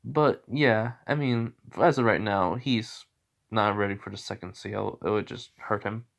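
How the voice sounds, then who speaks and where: A man's voice: lowish voice, steady tone, a little slow, gravelly. A man narrating an improvised fan story in a rambling way, full of fillers and self-corrections.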